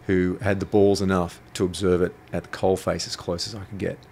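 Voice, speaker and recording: A man's voice: low-pitched, flat delivery, brisk, vocal fry, a little mellow, slight background noise. A man, a guest telling stories in an interview, blunt and provocative, swearing freely. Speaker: guest, intuitive coach. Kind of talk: storytelling interview talk.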